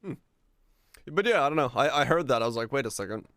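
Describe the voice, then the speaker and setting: A man's voice: on the high side, animated, fast talker, a bit bright, no room sound, clean studio sound. A man streaming a game and chatting casually with his viewers, musing and rambling as he answers their comments. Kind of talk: casual stream chat while gaming.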